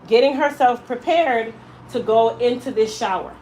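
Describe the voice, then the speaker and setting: Casting: young adult woman hairstylist, fairly high voice, lively storyteller, faint noise behind. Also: measured pace, rough recording. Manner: animated, acts out quoted voices. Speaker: hairstylist and salon owner. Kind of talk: emotional personal storytelling.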